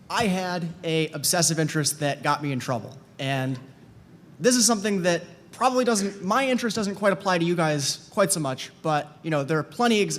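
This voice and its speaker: A man's voice: on the high side, slight background noise. A man giving a hesitant talk to a conference audience, with fillers and restarts. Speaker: conference panel speaker.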